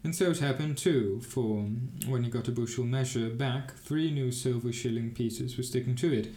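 A man's voice: mid-range voice, normal speed, dark tone. Man reading a fairy tale in an echoey room. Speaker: narrator. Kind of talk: storybook reading.

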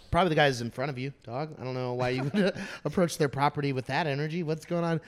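A young man in casual chat, telling a story in an animated way, swearing and laughing often. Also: medium pitch, fast talker, hardly any pauses.

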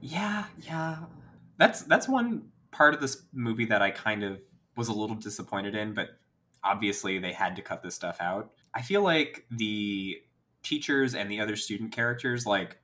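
A man's voice: lowish voice, lively intonation, moderate pace, pushed and bright. A man co-hosting a podcast, giving wry, opinionated takes on movies. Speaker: podcast co-host. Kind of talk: casual movie discussion.

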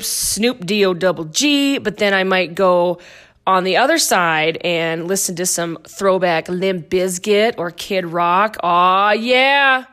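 A woman's voice: medium pitch, fairly bright tone. A middle-aged woman hosting her own dance fitness podcast, chatty and goofy with playful asides. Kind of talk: casual solo podcast talk.

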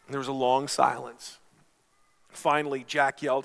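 A man's voice: mid-range voice, little pitch movement, moderate pace, vocal fry, pauses often. A middle-aged man preaching a sermon as a pastor, telling stories earnestly and calling his listeners friends.

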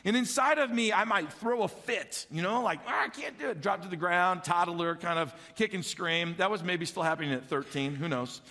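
Animated pastor in an echoey hall. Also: male voice, sits high, moderate pace, few pauses. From Illinois. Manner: animated storytelling, acting out childhood voices. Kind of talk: sermon.

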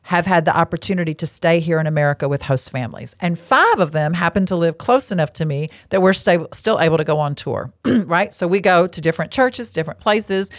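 On the low side and expressive, her voice moves briskly with hardly any pauses, captured in clean studio sound with no room noise. She is a podcast host and lay marriage counselor seated at an indoor table, leading a casual Christian teaching talk in a frank, bottom-line style full of chatty asides.

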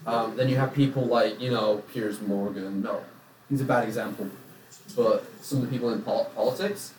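A man's voice: fairly low pitch, steady tone, moderate pace, background noise. English man with a home-counties accent, chatting in a roomy space. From England. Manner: chatty, jokey. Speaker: podcast co-host. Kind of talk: casual chat. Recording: roomy echo, mic from a distance.

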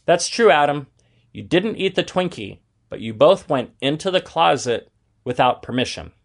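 A man's voice: on the high side, big pitch swings, moderate pace, gravelly, heavily acted. A man reading aloud and voicing a patient, fair mother explaining things to her sons in a children's story.

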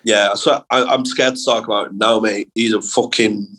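A young man, a comedian guest on a podcast, telling animated school anecdotes in casual chat with plenty of swearing. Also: on the low side, moderate pace, slightly rough, rough recording.

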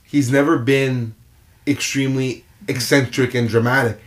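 Chatty male podcast co-host, mid-pitched, animated and rambling, casual film chat. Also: moderate pace. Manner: animated, rambling run-on opinions.

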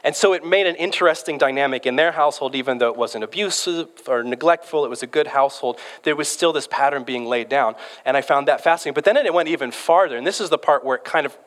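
A man's voice: a little high, fast, few pauses, a bit bright. Thirties male preacher, casual storyteller, echoing in a big hall. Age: 30s. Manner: conversational storytelling with frequent restarts. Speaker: pastor. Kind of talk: sermon. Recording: long hall reverb.

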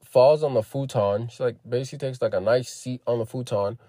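A man telling a personal story in a casual, profane vlog, animated and acting out what people said. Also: medium pitch, brisk, no room sound, clean studio sound. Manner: profane, animated retelling that acts out quoted lines. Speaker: vlogger.

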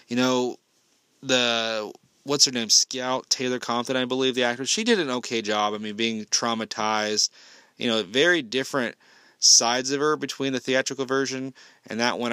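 A man's voice: on the low side, bright, forceful tone, clear, resonant tone, no echo. A man giving a casual spoken film review, ranting bluntly and swearing heavily.

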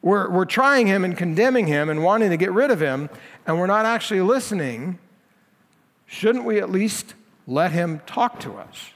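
Casting: pastor voicing an older religious elder, pleading and placating, pitched up high, big reverberant hall. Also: male voice, animated, moderate pace, a bit bright. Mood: urging calm. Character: alarmed older male religious leader pleading for fairness.

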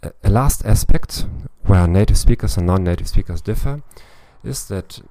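Low creaky-voiced guy talking through a language lesson, checks in with "no?" a lot. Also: animated, moderate pace, mellow. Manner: thinks aloud, adds tag questions like "no?" and "eh?". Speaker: language coach. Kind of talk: podcast monologue lesson. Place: lives in Eastern Europe.

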